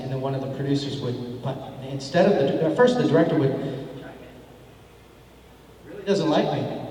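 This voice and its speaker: Man, middle-aged, relaxed panel storyteller, acts out dialogue, recorded from far off in a big hall, faint noise. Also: medium pitch. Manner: laid-back, laughing, acts out dialogue in his stories. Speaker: convention panel guest. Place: large convention hall.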